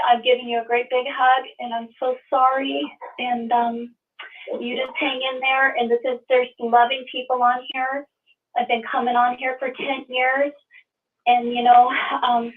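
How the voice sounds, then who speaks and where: A woman who works as a nurse, calling in to a show and speaking in a comforting way, repeating herself. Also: sits high. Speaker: caller, nurse. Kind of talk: call-in talk. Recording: tinny phone line.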